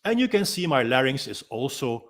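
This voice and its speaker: A freediving instructor calmly explaining and demonstrating techniques in a gentle, unhurried way, pausing often with ums. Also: male voice, mid-range voice. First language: Dutch. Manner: calm, gentle explaining with frequent ums and pauses.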